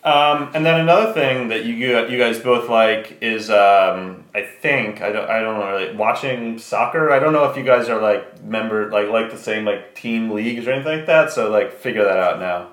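A man's voice: on the low side, normal speed, few pauses, a bit bright. A man hosting a casual chat, joking and asking questions with fillers. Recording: roomy echo.

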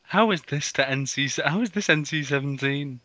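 A man reading a badly written story aloud for comedy, mocking its spelling and bursting into loud, over-the-top dramatic lines. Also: fairly high pitch, normal speed, dry recording. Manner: bursts into loud exaggerated outbursts, mocks spelling. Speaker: comedy reader of fan fiction. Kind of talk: mock dramatic reading with commentary.

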